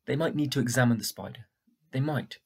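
A man voicing a sharp, stubborn young girl in a storybook reading, in a husky, raised voice. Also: medium pitch, fairly quick. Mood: firm, reasoning. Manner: raised, insistent questioning.

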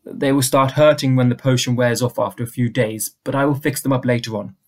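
Man voicing a calm formal vampire, measured diction. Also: medium pitch, lightly acted.

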